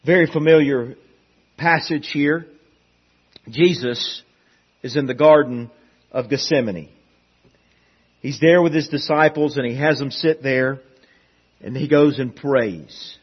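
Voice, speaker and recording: A man preaching a sermon, swinging from loud emphatic peaks to hushed, quiet passages, with frequent restarts and repeated words. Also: mid-range voice, takes it slowly, pauses often, husky, highs cut off.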